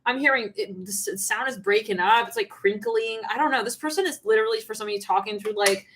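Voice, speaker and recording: Woman tarot reader, fairly high voice, giggly and rambling, faint background noise. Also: very animated, fast, gravelly, a bit bright. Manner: giggly, rambling, laughs often. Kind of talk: channeled tarot reading livestream.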